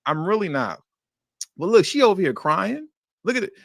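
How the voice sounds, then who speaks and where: A man hosting a livestream, reacting to news clips with animated, indignant commentary that slips into slang. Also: sits high, moderate pace, creaky, dry recording. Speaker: livestream host.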